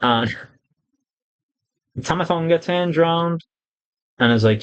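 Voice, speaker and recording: A man's voice: medium pitch, unhurried, pauses often, clear, resonant tone, rough recording. A man giving a blunt, casual, opinionated wrestling review, swearing freely and acting out quotes. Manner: blunt, sweary, animated retelling with quoted voices.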